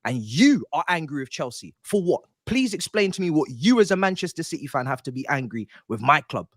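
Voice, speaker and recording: A man on a football panel, ranting in theatrical mock outrage. His pitch swings widely, and his voice sounds dry and close. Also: big pitch swings, brisk, fairly bright tone, dry recording. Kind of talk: football fan banter.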